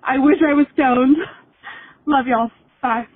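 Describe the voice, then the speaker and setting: A woman, leaving a halting, rambling voicemail while tearful. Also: sits high, steady tone, slightly rough, no room sound. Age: 20s. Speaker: caller. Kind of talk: voicemail message. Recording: phone-line voicemail.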